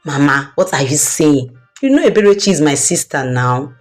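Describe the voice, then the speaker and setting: A woman's voice: low voice, expressive, moderate pace, faint music behind, pitched below the performer's own voice. A woman voicing a cheerful, trusting young woman who adores her best friend. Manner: bright, gushing and trusting.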